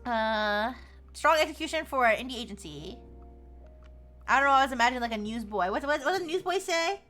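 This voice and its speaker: A woman's voice: on the high side, expressive, brisk, fairly bright tone, soft background music. A young woman streaming live, reading posts aloud in casual commentary with sarcastic asides. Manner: reads text aloud with frequent laughs and sarcastic asides.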